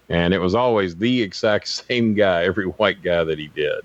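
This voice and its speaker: Deep-voiced profane wisecracking man. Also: normal speed, no echo. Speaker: podcast guest, former pro wrestling manager. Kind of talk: casual podcast banter. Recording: slightly dull, dry sound.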